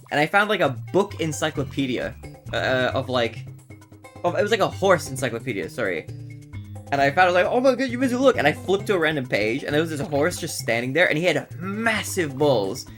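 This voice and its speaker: Male streamer, lively swooping delivery, chatty and quick to laugh, game music playing underneath. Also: on the high side. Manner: animated storyteller, laughs often. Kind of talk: casual livestream chat while speedrunning.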